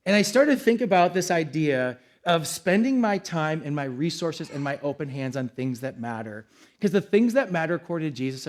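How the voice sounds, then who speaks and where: A young adult man preaching a sermon as pastor, in a casual, conversational way with acted-out quotes. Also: high-pitched. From United States.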